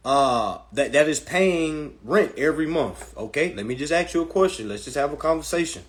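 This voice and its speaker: A man's voice: on the high side, expressive, normal speed, hardly any pauses. A man hosting a live stream, answering viewers' questions from chat in a blunt, profane, ranting way while promoting his class. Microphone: phone.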